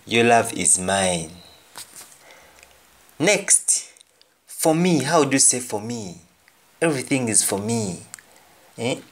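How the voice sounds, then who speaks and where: Jamaican man, patient language teacher, unhurried delivery, repeats phrases for learners. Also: medium pitch, lively intonation. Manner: repeats each phrase twice, then translates it. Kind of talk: slow explanatory lesson with repeated example phrases.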